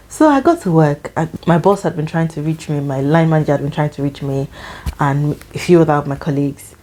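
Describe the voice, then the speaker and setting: Animated Nigerian woman telling a story. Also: deep voice. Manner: animated, laughs often. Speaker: vlogger. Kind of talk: storytime vlog.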